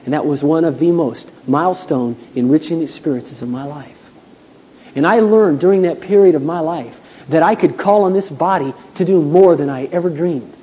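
A man preaching a sermon, telling stories from his life and acting out the voices of the people he quotes. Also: moderate pace. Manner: storytelling, acts out quotes in a high excited voice. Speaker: pastor. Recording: dull 1980s church tape in a reverberant hall.

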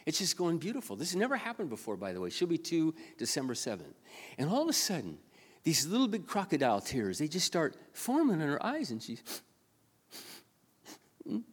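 A man's voice: on the high side, wildly swooping pitch, fast talker, breathy edge. A man in his sixties, a pastor, telling a personal story in a rambling sermon with many restarts. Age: 60s. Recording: long hall reverb.

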